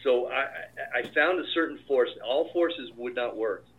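A film director telling stories in a casual interview, acting out what people said. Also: male voice, medium pitch, moderate pace, breathy edge. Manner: animated storyteller, acts out quoted dialogue. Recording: tinny phone-like line.

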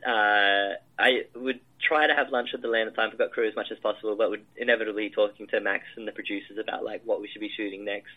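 A man's voice: on the low side, narrow, tinny audio. A man, a film director, describing his shoot in a casual interview, rambling with many fillers and restarts.

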